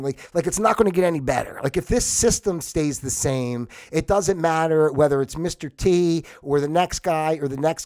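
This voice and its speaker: Guy on his own livestream, kinda high voice, rambling rant, lots of restarts, gets worked up. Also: a little mellow. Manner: rambling, restarts often, heated when worked up. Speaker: livestream host. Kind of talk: casual livestream monologue.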